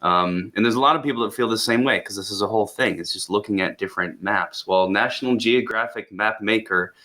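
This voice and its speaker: A man co-hosts a casual tech podcast, sounding eager and enthusiastic. His voice sits fairly low but has a bright, forward edge. He often repeats words as he gets carried away. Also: fairly quick. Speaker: podcast co-host reviewing education tech tools.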